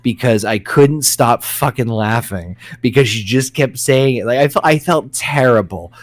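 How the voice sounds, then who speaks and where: A man's voice: medium pitch, moderate pace. A man telling family stories in casual chat, swearing often and restarting his sentences. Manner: profane, rambling, self-interrupting.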